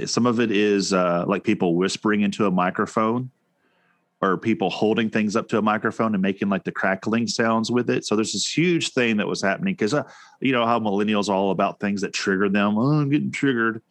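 A man's voice: on the low side, steady tone, a little fast, no echo. A man co-hosting a casual chat show, talking in a rambling way with many restarts and fillers. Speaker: podcast co-host.

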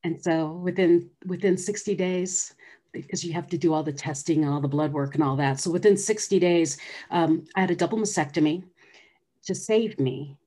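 A woman's voice: lowish voice, normal speed, dark tone. A middle-aged woman earnestly telling her personal story as an interview guest. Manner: earnest, acts out quoted voices.

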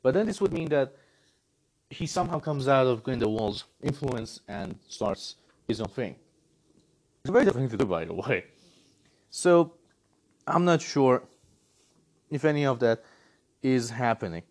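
A man's voice: medium pitch, moderate pace, long pauses. A man giving a casual, exasperated movie review full of sarcasm. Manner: animated, exasperated critique with sarcasm.

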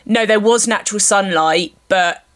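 A woman hosting a podcast in casual chat, self-deprecating and quick to laugh. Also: medium pitch. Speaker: podcast host.

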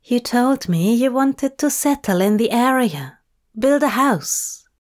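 A woman reading the lines of a gentle, fussy man in a soft, prim manner, a little above her own pitch. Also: expressive, slow pace.

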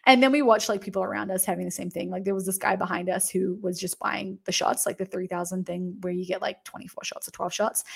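A young woman recounting her travels in a loose, chatty way, peppering her talk with filler words. Her voice carries a steady vocal fry at a mid pitch. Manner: chatty, frequent "like" fillers and laughter. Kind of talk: casual travel storytelling.

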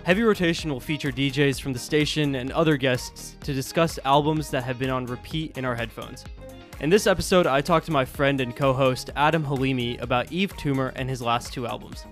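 Speaking briskly in a mid-range voice, a man co-hosts a college radio podcast and is also the station's sports director. He talks about music in a loose way, full of fillers and restarts.

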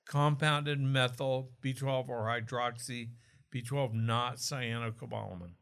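A man's voice: medium pitch, fairly even intonation, a little slow, fairly bright tone. A man from Oklahoma talking casually about health as a co-host, explaining with asides and jokes. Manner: chatty, explanatory, jokes and restarts.

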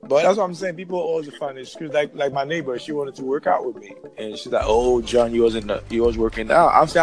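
A man co-hosting a casual chat, talking in loud, joking, profane banter. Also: medium pitch, fast, few pauses, faint music behind.

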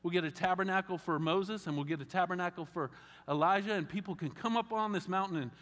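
A man voicing an impulsive, eager man who is excitedly blurting out plans, in a sermon. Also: sits high, quick pace. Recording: reverberant hall.

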